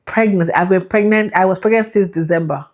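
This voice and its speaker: A young woman telling her faith testimony in an animated, emotional way, laughing and acting out the people in her story. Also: mid-range voice, a little fast. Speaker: vlogger sharing a faith testimony.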